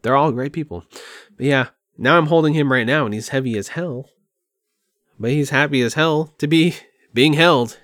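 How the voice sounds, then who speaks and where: A man's voice: medium pitch, normal speed, fairly bright tone, no room sound, clean studio sound. A man talking candidly in a rambling, open and emotional way at home, as a podcast host. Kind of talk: candid personal monologue. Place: at home by his computer.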